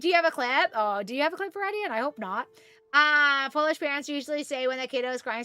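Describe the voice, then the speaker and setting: Bubbly, high-voiced Canadian woman streamer. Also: fast talker, no echo. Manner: animated, chatty, swears freely. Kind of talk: casual gaming stream chat.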